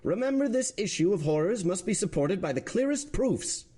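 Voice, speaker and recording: Man doing a shrill, demanding court president. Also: very animated, normal speed, dark tone, breathy edge, heavily acted. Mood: indignant. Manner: shrill, insistent questioning. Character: agitated male court president, loud and demanding.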